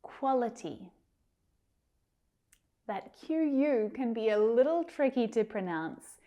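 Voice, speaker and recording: A woman teaching English pronunciation, carefully repeating each word slowly. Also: on the high side, lively intonation, mellow. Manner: careful, drawn-out repetition of words. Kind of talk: slow pronunciation lesson.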